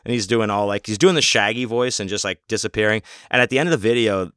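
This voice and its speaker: A man's voice: fairly low pitch, quick pace, fairly bright tone, clean tone, dry recording, studio quality. A man hosting a podcast, telling a long story casually in a rambling, profane, self-mocking way. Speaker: podcast host.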